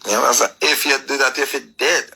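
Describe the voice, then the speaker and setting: A man's voice: mid-range voice, fairly even intonation, fast talker, creaky, bright, forceful tone, husky, rough recording. A man with a Jamaican accent delivering a preachy, emphatic rant full of rhetorical questions. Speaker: commentator. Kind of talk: ranting commentary.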